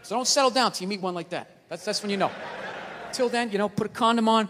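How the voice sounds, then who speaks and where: A man performing a stand-up comedy routine, ranting in exasperation and shouting his punchlines. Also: sits high, fast. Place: comedy theater stage. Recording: live hall reverb, crowd laughter and noise.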